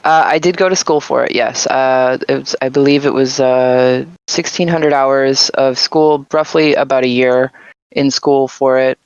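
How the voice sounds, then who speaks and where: A woman in her thirties chatting in a relaxed, laid-back way as a guest on a live-stream interview. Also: extremely low pitch, a little slow, smooth, dry recording. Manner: laid-back, laughs often. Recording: dull, muffled lo-fi mic audio.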